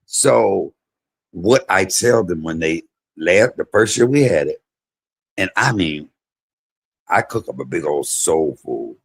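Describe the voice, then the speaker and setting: Speaking slowly with long pauses, a husky, low-voiced comedian and vlog host tells stories in a relaxed monologue. He gets animated, loudly imitating his mother.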